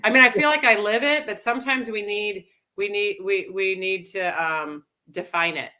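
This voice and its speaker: A woman's voice: medium pitch, moderate pace, pushed and bright. A woman chatting enthusiastically in a webinar and restarting her sentences often. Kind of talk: casual chat.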